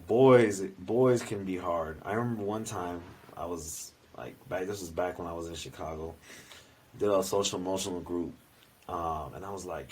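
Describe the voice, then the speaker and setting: A man's voice: deep voice, moderate pace, a little mellow, slight background noise, rough recording. A man co-hosting a podcast in casual chat, talking loosely with slang and swearing freely. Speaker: podcast co-host and youth coach.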